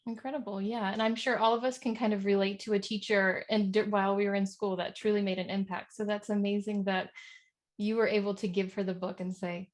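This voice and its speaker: Woman, interview host, casual chat, friendly questions, mid pitch. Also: little pitch movement, fairly quick. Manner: friendly, chatty questions with fillers.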